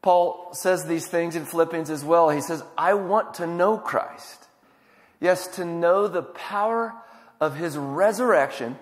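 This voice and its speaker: A male pastor preaching a sermon, swinging from loud emphatic lines to hushed ones. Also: fairly high pitch, a little slow, in a large hall.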